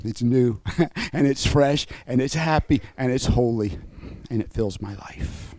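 A man's voice: medium pitch, moderate pace, a little mellow, no room sound, poor audio. A man preaching an emotional, fervent sermon over an online call. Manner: emotional and fervent, voice rising and falling.

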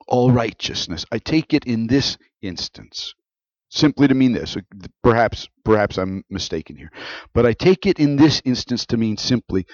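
A man preaching a sermon as a pastor, emphatic, with his voice rising on stressed words and then dropping low. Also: expressive, moderate pace, darkish tone, dry recording, lo-fi sound.

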